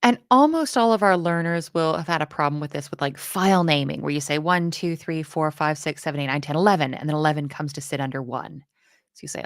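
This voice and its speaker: A woman chatting casually through a coding lesson, self-deprecating and quick to laugh. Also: sits low, no echo, studio quality. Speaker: co-host learning to code. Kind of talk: casual live coding chat.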